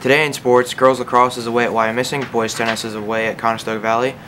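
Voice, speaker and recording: A man giving a casual, quick rundown of school sports results. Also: mid-range voice, little pitch movement, a bit bright, a little hiss or hum. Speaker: sports announcer.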